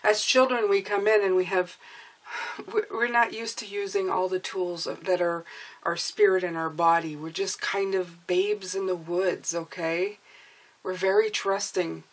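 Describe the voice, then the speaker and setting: Earnest low-voiced tarot reader woman. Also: steady tone, a little slow. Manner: earnest, repeats "okay?" and "you guys"; emotional, coaxing. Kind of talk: spiritual tarot reading to camera.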